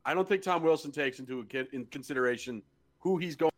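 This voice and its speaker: On a laid-back sports podcast, this co-host talks fast in a fairly high voice, offering blunt analysis and cursing freely.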